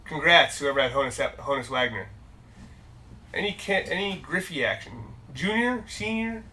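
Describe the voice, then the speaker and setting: A man's voice: fairly high pitch, animated, moderate pace, bright, forceful tone, recorded from a distance, slight background noise. A man hosting a live-stream card break, upbeat and jokey as he rattles off the cards pulled.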